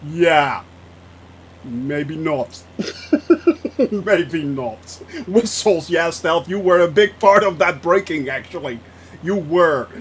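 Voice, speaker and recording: A man's voice: on the high side, animated, slow pace, long pauses, slight background noise. A young man streaming a flight simulator, chatting casually with his viewers and laughing often. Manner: laughs often, reacts to chat. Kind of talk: casual live-stream chat.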